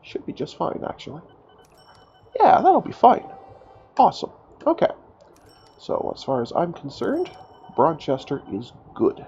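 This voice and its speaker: Male gaming host, congested from a cold, gravelly and lively, casual self-mocking commentary; dull lo-fi mic. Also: mid-range voice, slight background noise. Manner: chatty, self-mocking, thinking aloud. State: stuffed up from a cold. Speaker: gaming YouTuber. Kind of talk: casual let's-play commentary.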